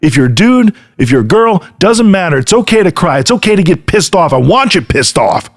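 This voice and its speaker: A man's voice: high voice, sing-song, brisk. A middle-aged man hosting a podcast, giving an earnest motivational talk straight to the listener and often checking in with "right?". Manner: earnest, direct address with frequent "right?". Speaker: podcast host. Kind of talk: motivational monologue.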